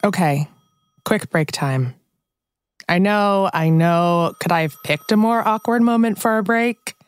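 A woman's voice: medium pitch, a little slow, clear, resonant tone, dry recording. A woman podcast host narrating in a chatty way, with playful asides to the listener.

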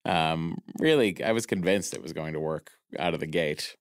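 A man's voice: rumbling low, moderate pace, no room sound, studio quality. A man guest chatting casually, joking and rambling with lots of fillers. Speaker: podcast guest. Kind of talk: casual chat.

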